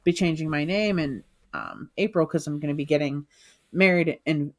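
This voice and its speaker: A woman's voice: sits low, normal speed. A woman co-hosting a live stream, telling anecdotes in a chatty way, with a Western Pennsylvania accent. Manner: chatty, animated when acting out others. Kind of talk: casual chat, storytelling.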